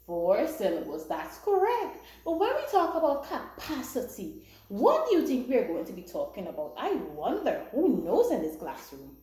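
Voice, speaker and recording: A woman's voice: fairly high pitch, huge pitch swings, normal speed, mellow. A woman primary school teacher giving a classroom lesson in an encouraging, sing-song way, with lots of praise. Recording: echoey room.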